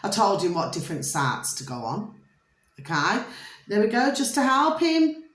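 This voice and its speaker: A woman's voice: mid-range voice, sing-song, moderate pace. Theatrical rambling British woman, roomy sound. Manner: theatrical, repetitive, calls viewers pet names. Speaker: vlogger. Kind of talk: rambling storytelling monologue to viewers. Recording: roomy echo.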